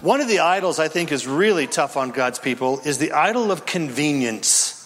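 A man preaching a sermon as pastor, animated and bursting into shouts as he acts out voices. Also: on the high side, moderate pace. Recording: long reverb of a hall.

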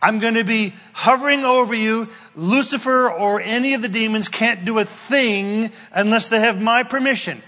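A man voicing God speaking to his disciple, impassioned and rising to a shout. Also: sits high, lively intonation, unhurried, pauses often, husky, in a large hall, voice pushed up, full character voice. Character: God, an adult male deity, fervent and protective.

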